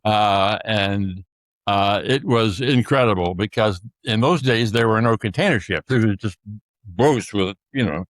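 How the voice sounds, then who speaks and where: An older man from the Pacific Northwest tells stories from his life as a guest. He speaks in halting bursts, with many fillers and restarts, and chuckles now and then. The sound is dry and close. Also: lowish voice, no room sound. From Tacoma, Washington. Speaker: guest author. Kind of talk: storytelling interview.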